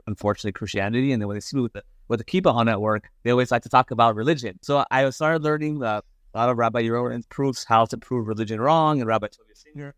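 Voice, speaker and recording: Fast-talking young man, halting storyteller. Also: medium pitch, dry recording. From Los Angeles. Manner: halting, many fillers and restarts. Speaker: podcast guest. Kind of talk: casual storytelling.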